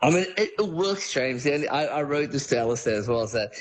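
A man's voice: medium pitch, expressive, brisk, a little hiss or hum, poor audio. A man discussing films on a radio show, enthusiastic and rambling with frequent restarts. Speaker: film commentator.

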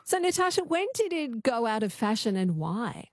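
A woman's voice: fairly high pitch, sing-song, moderate pace, no room sound. A woman hosting a radio interview in a conversational tone. She sits close to a studio mic, and the sound is dry and close. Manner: conversational, reads listener messages. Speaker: radio host.

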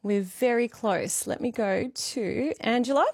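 A woman's voice: on the high side, measured pace, darkish tone, no echo, studio quality. An Australian woman hosting a live radio quiz, bubbly and giggly as she takes callers. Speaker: radio talkback host. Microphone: studio microphone.

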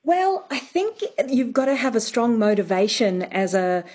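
A woman's voice: fairly high pitch, very animated, moderate pace, darkish tone, slightly rough. A woman speaking as an expert guest on a radio show, thinking aloud with many fillers. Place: radio studio.

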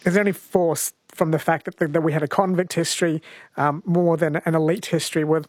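Here is a fairly high-voiced man hosting a radio talk show from a studio. He talks in a chatty, curious way, and he sounds close to the mic with no room echo. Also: fairly even intonation, brisk, a little mellow. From New Zealand. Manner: chatty, inquisitive interviewer. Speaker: radio host.

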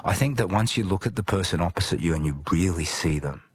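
A man's voice: sits low, lively intonation, slight background noise. An Australian man talking earnestly and casually as a guest, calling people mate and restarting his sentences often. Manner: earnest, matey, halting restarts. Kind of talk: casual conversation.

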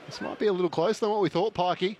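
A man's voice: high voice, very fast, a little hiss or hum. Man calling cricket play-by-play. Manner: steady, informative play-by-play. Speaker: cricket commentator. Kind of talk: ball-by-ball commentary.

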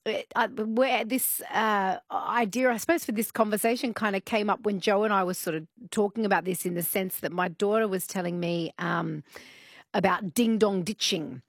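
A woman's voice: mid-range voice, normal speed, no echo, clean studio sound. Chatty Australian woman radio host. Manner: chatty, animated storytelling. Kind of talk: radio talk show.

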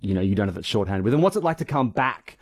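Male interviewer, lowish voice, dry close sound, measured questions. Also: sing-song, husky, no echo. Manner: measured, asks long questions.

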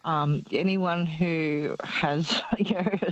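A woman's voice: deep voice, fairly even intonation, extremely slow, no echo, muffled recording. A middle-aged woman calling in to a radio show, anxious and tired, talking hesitantly with many fillers and nervous laughs. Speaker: caller. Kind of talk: casual chat.

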